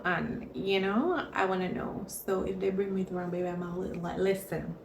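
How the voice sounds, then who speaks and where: A woman talks in a casual vlog, her voice carrying a gravelly edge. She tells her stories in an expressive, chatty way. The recording has an echoey room sound with a faint hiss behind her. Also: lowish voice, moderate pace, few pauses. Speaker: vlogger. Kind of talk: casual pregnancy vlog chat.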